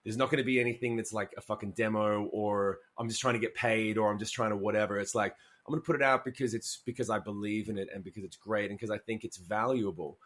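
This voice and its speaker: A man's voice: lowish voice, fairly even intonation, quick pace, few pauses, fairly bright tone. A man being interviewed as a musician guest, talking candidly, swearing freely and acting out quoted asides as he tells stories.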